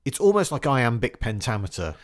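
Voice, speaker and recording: A man's voice: medium pitch, very animated, brisk. A man co-hosting a music podcast, sharing trivia with wry, dry remarks in casual chat. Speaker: co-host of a music chart podcast.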